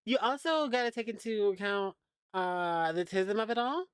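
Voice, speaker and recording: A woman from the American South with a Southern accent, co-hosting a casual podcast chat, playful and quick to laugh. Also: mid-range voice, clear, resonant tone, no echo. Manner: playful, laughs often, mimics voices. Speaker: podcast co-host.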